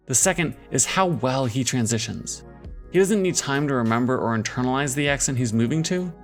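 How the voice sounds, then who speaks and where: A man giving a measured, analytical scripted narration for a video essay. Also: mid-range voice, faint music behind.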